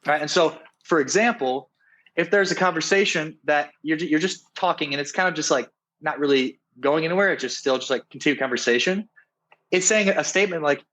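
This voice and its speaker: A man with a slightly high voice talks as a dating coach in a relaxed interview. He is earnest and often restarts his sentences. He keeps checking in with his listener by asking "right?". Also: a little fast, low-quality recording. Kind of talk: casual interview talk.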